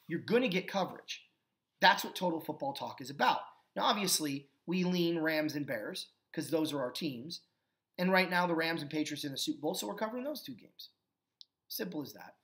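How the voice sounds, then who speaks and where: A man's voice: fairly high pitch, a little fast. A man hosting his own football talk show, giving opinionated commentary with emphatic rhetorical questions. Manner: calmer and earnest when thanking fans. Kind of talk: opinionated sports commentary monologue.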